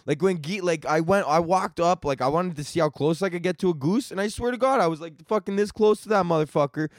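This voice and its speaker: A young man hosts a comedy podcast, talking in a loose, profane ramble full of stoner slang. His voice sits a little high. The sound is dry and close, with no room behind it. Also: quick pace, no room sound. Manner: crude, laughs at his own jokes, stoner slang.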